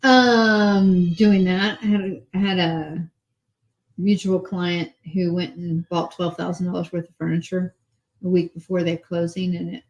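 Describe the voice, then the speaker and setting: A woman mortgage lender talking casually, relaxed and conversational, quoting her clients. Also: fairly low pitch, rough recording. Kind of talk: casual chat.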